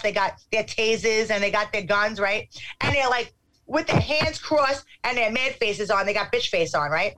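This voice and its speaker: A middle-aged woman telling a casual anecdote in an animated way, acting out what people said. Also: high voice, noisy background. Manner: animated, acts out quotes.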